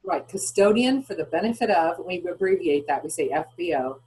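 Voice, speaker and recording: A woman's voice: on the low side, lively intonation, brisk, darkish tone, slightly rough, low-quality recording. A woman guest on a podcast interview, explaining things in a chatty way and posing questions to herself as she goes. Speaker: guest, founder of retirement account custodian.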